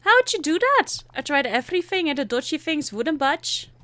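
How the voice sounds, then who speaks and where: A woman's voice: sits high, sing-song, moderate pace, a bit bright. A woman voicing a spirited young Scottish princess with an exaggerated put-on Scottish accent, reading game dialogue aloud. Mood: excited.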